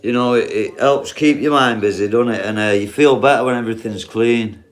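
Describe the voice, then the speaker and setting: A man's voice: medium pitch, brisk. Yorkshire bloke rambling on his livestream, swears a lot, keeps asking chat am i wrong. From Yorkshire, England. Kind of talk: casual live-stream chat.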